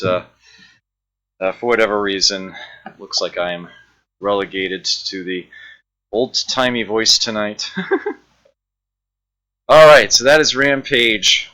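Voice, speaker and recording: A man streaming old arcade games, chatting casually with viewers, laughing often and filling pauses with uhs. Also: fairly low pitch, bright, forceful tone, rough recording. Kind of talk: casual gameplay commentary. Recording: backup mic, music behind.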